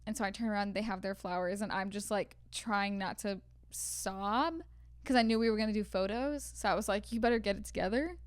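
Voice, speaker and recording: A woman's voice: medium pitch, fairly quick, clear, resonant tone, dry recording, clean studio sound. A young woman co-hosting a podcast, telling stories from a film set in casual chat, full of "like" fillers. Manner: chatty storyteller, many "like" fillers. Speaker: podcast co-host.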